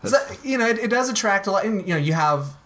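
A man's voice: high voice, animated, fast talker, fairly bright tone. A man hosting a podcast, talking casually and animatedly, sometimes dropping into playful silly voices. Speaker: podcast host.

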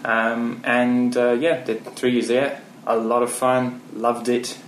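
A man's voice: mid-range voice, flat delivery, slow, a little hiss or hum. A British man giving a casual, rambling interview answer with many ums. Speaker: guest. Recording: roomy echo.

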